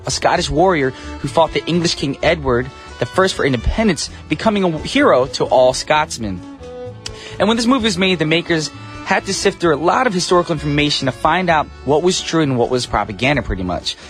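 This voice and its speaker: Upbeat male radio DJ, slightly high. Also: animated, brisk, fairly bright tone, faint music behind. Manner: upbeat, chatty, a little goofy. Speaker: radio DJ host. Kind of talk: casual radio DJ patter. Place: radio studio.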